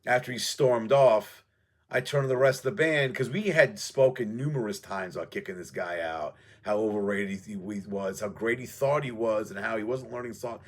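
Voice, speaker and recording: A man's voice: on the low side, moderate pace. A man rambling casually about his past, profane and offhand, trading memories as he goes. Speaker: music show host.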